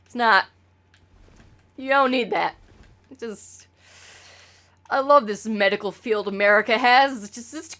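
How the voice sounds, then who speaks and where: A woman's voice: a little high, fairly bright tone. A woman streamer talking casually to her chat, rambling and swearing with lots of stammered restarts.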